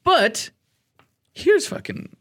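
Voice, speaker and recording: A man hosting a podcast, telling stories in a casual, rambling way. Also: extremely slow. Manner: rambling storyteller, lively swings in pitch. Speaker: podcast host. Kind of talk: casual chat.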